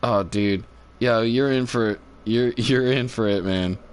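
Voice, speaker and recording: A man's voice: medium pitch, measured pace, smooth. Rambling man chatting on a livestream. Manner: laughs often, lots of fillers and restarts. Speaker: live streamer. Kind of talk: rambling casual chat. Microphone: phone on a cord.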